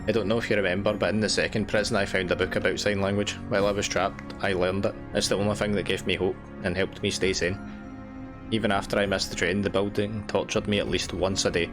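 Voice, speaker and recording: A weary, long-tormented game character, as a man reads the lines aloud in a low voice. The delivery is earnest and tired. Faint music plays underneath. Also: lightly acted. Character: exhausted freed prisoner, tormented and hopeful.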